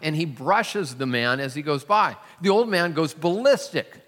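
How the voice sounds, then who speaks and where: A man's voice: on the high side, lively intonation, normal speed, fairly bright tone. A male pastor preaching a sermon in a church, in a conversational storytelling manner with self-deprecating humor. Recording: long hall reverb.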